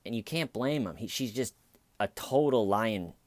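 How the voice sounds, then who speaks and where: Brief: male comedian, low voice, dry sardonic true-crime recap, dead dry sound. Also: lively intonation, moderate pace, dry recording. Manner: sardonic, blunt, casual. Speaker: comedian commentator.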